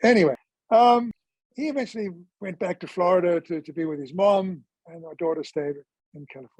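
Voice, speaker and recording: A man in his sixties talks through his life story in a relaxed interview, slipping into the voices of people he quotes. His voice sits high for a man. It is recorded close and dry, with no room sound. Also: a little fast, no echo, rough recording. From South Africa. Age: 60s. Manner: chatty storyteller who acts out quoted dialogue.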